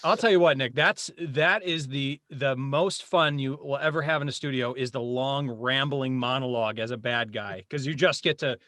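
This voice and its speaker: A man in his forties, a voice actor guest chatting casually on a podcast, animated and laughing often. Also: medium pitch, moderate pace, few pauses, no room sound, clean studio sound.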